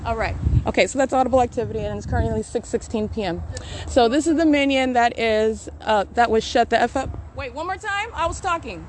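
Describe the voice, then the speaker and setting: A woman's voice: fairly high pitch, fairly quick, a little mellow, a little hiss or hum. A woman recording a walking monologue on her phone outdoors, insistent and accusatory, repeating phrases with many uh and um fillers. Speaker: podcast host documenting her surroundings. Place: outdoors around a city hall and library.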